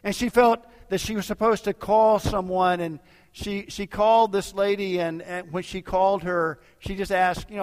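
A man preaching a sermon as a lively storyteller, acting out the dialogue of the people in his story. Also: high-pitched. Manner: animated storyteller acting out dialogue in quick asides. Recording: long reverb of a large hall.

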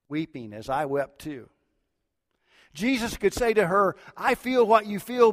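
Preaching from the pulpit, a middle-aged pastor swings from booming emphasis to hushed, low delivery. The sound carries a long hall echo.

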